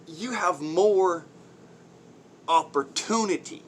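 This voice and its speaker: A man's voice: high-pitched, slow, a little hiss or hum. A man ranting on his own channel in blunt, crude, mocking commentary, swearing heavily, using folksy slang and laughing between points. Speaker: vlogger.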